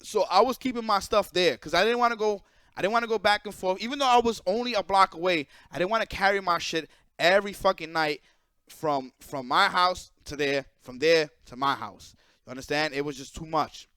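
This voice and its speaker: A man hosting his own channel, telling a story in a casual, animated and profane way. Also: sits high, fairly quick, smooth, no echo, clean studio sound. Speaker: channel host.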